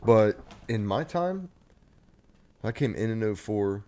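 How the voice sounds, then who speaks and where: Low-voiced male podcast host. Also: animated, slow pace, mellow. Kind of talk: casual interview chat.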